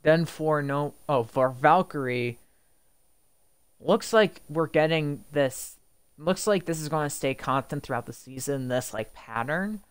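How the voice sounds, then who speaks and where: A man's voice: on the high side, measured pace, clean tone. A young man casually commenting on a video game as a YouTuber, rambling with many fillers and restarts. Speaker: gaming YouTuber and streamer.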